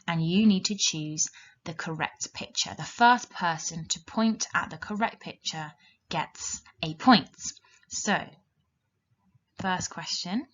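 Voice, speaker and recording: A woman teaching a children's language lesson, giving slow, clear, encouraging instructions. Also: lowish voice, a bit bright. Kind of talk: recorded classroom lesson for children. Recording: dull lo-fi recording.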